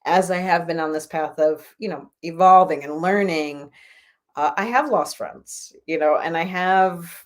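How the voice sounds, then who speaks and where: A woman healer speaks in an interview with a slightly low voice. She sounds earnest and encouraging, and she is reflective as she talks about moving past hard times. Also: a little slow. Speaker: spiritual healer guest. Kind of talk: conversational interview.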